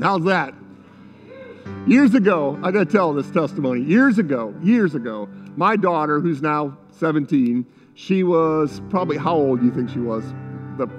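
Fervent preaching man in echoing hall. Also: on the high side. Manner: fervent, repetitive exhortation with spoken prayers. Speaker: pastor. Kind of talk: sermon. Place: church sanctuary. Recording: muffled sound with long hall reverb.

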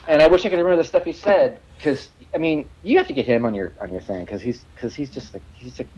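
A man's voice: fairly high pitch, very animated, fast talker, muffled recording, background noise. A man guest telling rambling stories in a casual interview, stammering, restarting and swearing freely. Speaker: musician guest.

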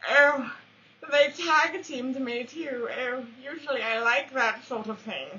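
A woman commentating her own shooter match, with playful trash talk, mock-formal quips and excitable yelps. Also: high-pitched, slow pace, slight background noise. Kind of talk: let's-play commentary. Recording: dull lo-fi recording.

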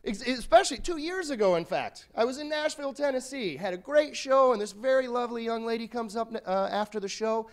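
A man's voice: very high-pitched, animated, a little fast, hardly any pauses. A male comedian telling rambling, self-deprecating stories in a stand-up routine.

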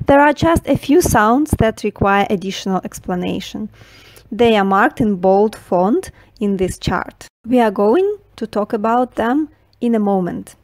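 A woman with a Russian accent talks through a diction lesson at a slow, deliberate pace, shaping each sound with care. Her voice sits a little high. The recording is close and dry, with no room around it. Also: a little mellow, no echo. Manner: slow, precise, carefully enunciated. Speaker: diction teacher. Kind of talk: scripted tutorial narration.

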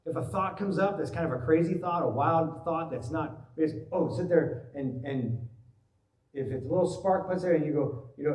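A pastor delivers an animated sermon in a somewhat high voice. He slips into worried voices as he tells his stories. The sound is roomy and echoey, picked up from a distance in a church hall. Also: normal speed. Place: church sanctuary.

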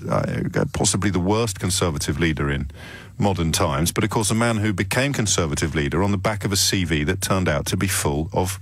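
A man's voice: on the low side, dry recording. A middle-aged man hosting a radio phone-in, delivering a sardonic monologue full of incredulous rhetorical questions into a studio microphone.

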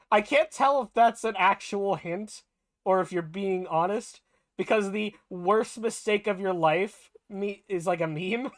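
A man's voice: high-pitched, measured pace, no echo. A young man live-streaming a game, thinking aloud, laughing often and swearing as he plays.

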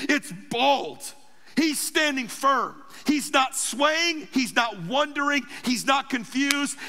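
A man's voice: very high-pitched, animated, a little slow, sharp tone. A man preaching a sermon as pastor, emphatic and repetitive, building phrase on phrase. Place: church sanctuary. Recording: church hall reverb.

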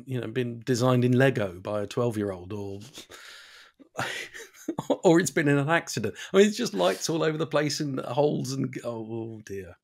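Male podcast co-host, gravelly mid-pitch voice, wry, hesitant delivery. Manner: hesitant, wry, pausing often. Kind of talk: casual chat.

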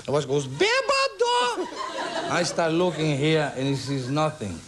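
A Brazilian-born man telling comic stories as a guest on a television talk show, breaking into squeaky voices for his characters. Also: moderate pace, very noisy. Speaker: guest entertainer.

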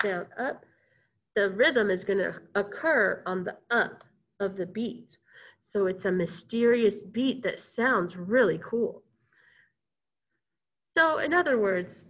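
A woman's voice: mid-range voice, poor audio. A woman teaching a recorded music lesson, cheerful, chanting rhythms and talking to pupils she cannot see. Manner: upbeat, chants rhythms and talks to unseen pupils.

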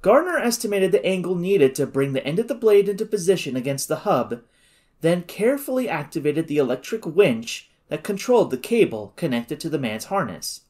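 Male audiobook narrator, expressive storytelling, steady, lively intonation. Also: fairly high pitch, a little fast.

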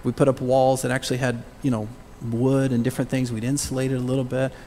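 In a church sanctuary, a middle-aged male pastor preaches an animated sermon, swinging between loud calls and hushed whispers and prompting the congregation to say words aloud. His mid-range voice moves fast over slight background noise, with a long church reverb.

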